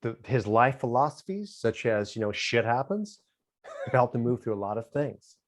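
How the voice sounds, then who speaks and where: A middle-aged man speaks as an interview guest, his talk halting and reflective. He keeps a smile in his voice, and his pitch sits right in the middle for a man. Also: big pitch swings.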